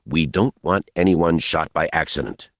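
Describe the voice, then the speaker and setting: A stoic warrior monk, voiced by a man, keeps every word quiet and measured. The voice sits very deep and comes across dry and close. It is a calm, commanding audiobook portrayal. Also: dry recording, exaggerated voice. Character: grim stoic male warrior monk, adult.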